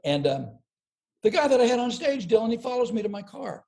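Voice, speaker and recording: An older man, a comedian and speaker, telling a personal story as a podcast guest, lively and self-deprecating, acting out the quotes. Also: very high-pitched, fairly quick, vocal fry. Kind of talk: storytelling an anecdote.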